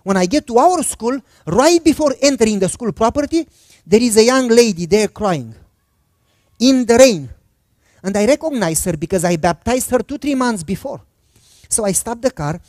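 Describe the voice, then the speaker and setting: A man's voice: high voice, expressive, moderate pace, a little mellow, no echo, studio quality. A middle-aged male pastor preaching a sermon, telling a personal story in a conversational way and acting out the dialogue. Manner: conversational, acts out quoted dialogue.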